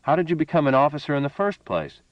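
A man's voice: fairly high pitch, sing-song, quick pace, no room sound, highs cut off, pitched above the performer's own voice. A man voicing an anxious young man who presses his questions urgently.

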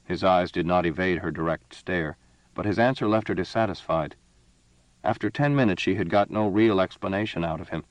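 A man reading a science fiction story as narrator, measured and steady. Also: low voice, no room sound, rough recording. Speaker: audiobook narrator. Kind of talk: scripted narration.

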